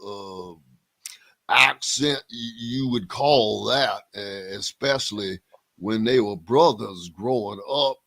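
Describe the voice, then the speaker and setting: A man's voice: fairly low pitch, slow pace, gravelly, fairly bright tone, dry recording. A man hosting a casual sports talk radio show, chatting and reading listener comments aloud.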